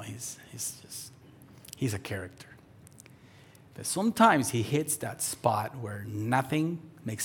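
A man in his thirties preaching a sermon as pastor, telling stories and acting out the voices in them, sometimes dropping to a soft near-whisper. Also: on the low side, a little hiss or hum. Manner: storytelling, acts out voices in quotes, drops to soft near-whisper.

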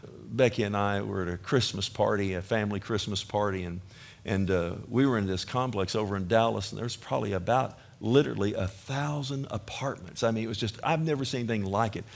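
A man with a Texan accent preaching a sermon with passion, moving from loud urging to quiet storytelling. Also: lowish voice, fairly quick, creaky. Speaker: pastor.

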